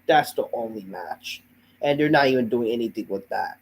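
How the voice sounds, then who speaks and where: A man's voice: medium pitch, moderate pace, slightly rough, low-quality recording. A man hosting a wrestling review show, ranting in a profane, exasperated way while feeling under the weather, his voice a bit off.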